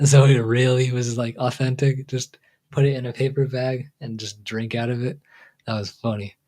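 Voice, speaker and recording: A man's voice: medium pitch, level tone, normal speed, mellow. A man hosting a casual livestream, rambling and stop-start, trailing off into fillers and chuckling as he jokes along. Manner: laid-back, joking, chuckles often. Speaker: livestream host.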